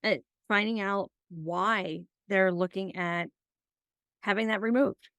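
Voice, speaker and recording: A woman's voice: mid-range voice, fairly even intonation, takes it slowly, a bit bright, smooth, dry recording. A woman hosting a casual podcast interview, telling personal stories and acting out past conversations in a chatty way. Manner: chatty storyteller who acts out past conversations. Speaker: podcast host.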